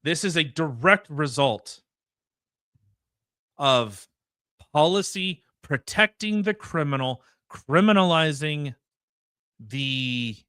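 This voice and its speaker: Male podcast host, indignant commentary, restarts a lot; bright tense voice, slightly high, dry. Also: expressive, slow pace, pauses often, no echo. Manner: indignant, heated, stammering restarts. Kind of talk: opinionated commentary.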